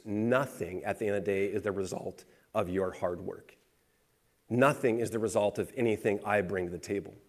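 A man preaching a sermon, swinging from quiet, low emphasis to rising, animated exclamation. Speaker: pastor.

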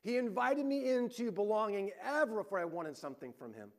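A man with a notably high voice preaches as a pastor. He tells his stories with energy, climbing in intensity on key moments and dropping almost to a murmur on others. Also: a little fast. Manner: lively storytelling, swings between rising emphasis and hushed points. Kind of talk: sermon.

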